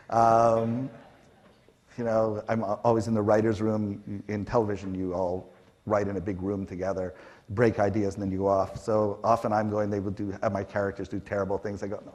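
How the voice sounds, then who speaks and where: A man's voice: lowish voice, normal speed. Middle-aged canadian guy on stage telling anecdotes, lots of ums, acts out the quotes. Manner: animated, acts out quotes, frequent fillers. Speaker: panel guest. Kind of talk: conversational storytelling on stage.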